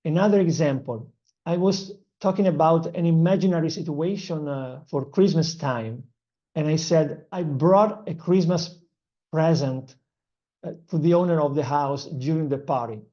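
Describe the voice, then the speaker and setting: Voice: medium pitch, dark tone, muffled recording. Earnest speaker with an Italian accent. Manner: earnest, in short phrases with filler pauses. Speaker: English-learning channel host. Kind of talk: motivational language lesson.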